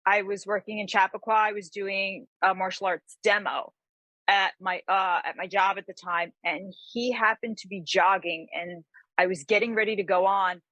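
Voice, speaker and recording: A woman from the New York area talks with a bright, forceful tone. She tells her story in an animated way, with many restarts and fillers. The sound is dry and close. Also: mid-range voice, normal speed, no room sound. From New York area, USA. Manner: animated, lots of fillers and restarts, acts out quotes. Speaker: guest author. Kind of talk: casual interview storytelling.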